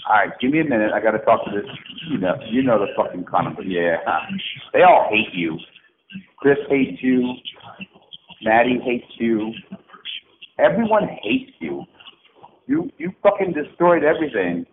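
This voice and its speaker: A middle-aged man's medium-pitched voice makes big pitch swings as he leaves an angry phone message at a moderate pace. It's a profane, mocking, erratic ramble full of sarcastic turns, recorded on a tinny line with faint hiss.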